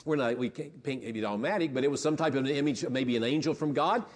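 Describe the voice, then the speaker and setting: A man's voice: medium pitch, fast talker. Preaching man in a reverberant sanctuary. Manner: conversational preaching with frequent restarts. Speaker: pastor. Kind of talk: sermon.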